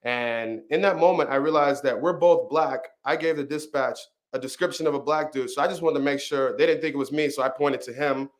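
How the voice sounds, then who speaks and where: A male comedian tells a true story in a mid-pitched, ordinary voice. He paces it with a storyteller's sense of timing. He briefly acts out the people he quotes. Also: brisk, hardly any pauses. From Arizona. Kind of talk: told personal story, then casual interview chat.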